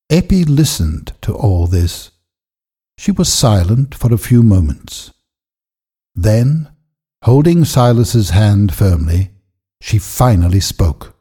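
Slow husky male storyteller. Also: on the low side, big pitch swings, warm tone. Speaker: narrator. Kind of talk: storybook narration.

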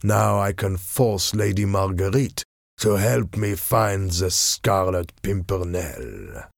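A cunning, cruel masked villain, put on by a man reading a storybook. He speaks low, slow and menacing, with a commanding tone. His voice is gravelly and dry. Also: animated, no echo, heavily acted.

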